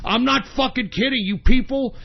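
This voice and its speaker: A man hosting an internet radio show, ranting angrily and profanely, often shouting, on a dull lo-fi recording. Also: very high-pitched, moderate pace, creaky. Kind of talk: angry talk-radio rant. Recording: dull lo-fi sound.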